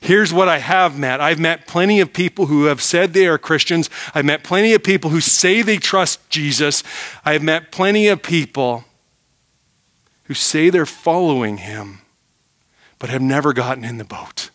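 A middle-aged male pastor delivering a sermon in a bright, slightly high voice. He presses his points with emphasis and poses rhetorical questions, often sinking to a near hush to let a line land. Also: moderate pace.

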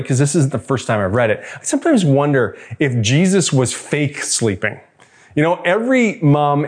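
A man preaching a sermon as a pastor, conversational and reflective, drawing listeners in with rhetorical questions. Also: on the high side.

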